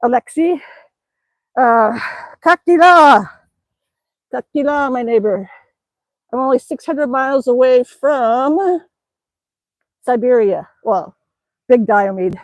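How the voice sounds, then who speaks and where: A cheerful woman from Alaska talks to her live-stream viewers while exercising outdoors, a little out of breath. Her voice sits high and bright in pitch, and she chats in a chatty, exclaiming way. The sound is close and dry, with almost no room around it. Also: no echo, rough recording. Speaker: livestreaming vlogger. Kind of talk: casual live-stream chat.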